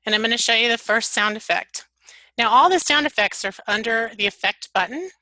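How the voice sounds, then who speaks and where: Woman presenter, bright tone, dry room, upbeat instructional delivery. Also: a little high, expressive, brisk, dry recording, poor audio. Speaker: webinar presenter. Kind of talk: software tutorial webinar.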